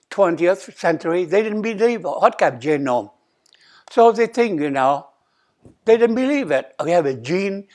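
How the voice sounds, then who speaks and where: An older monk, an abbot, delivers a slow dharma talk in a temple hall, his male voice pitched fairly high. His non-native English uses simple, repetitive phrasing, he often asks "okay?", and he acts out quoted dialogue with rising emphasis.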